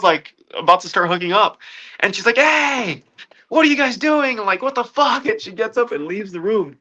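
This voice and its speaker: A man's voice: high voice, dull audio. A man telling a wild party story in casual chat, swearing freely and acting out what everyone said. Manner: animated, swears a lot, acts out quotes.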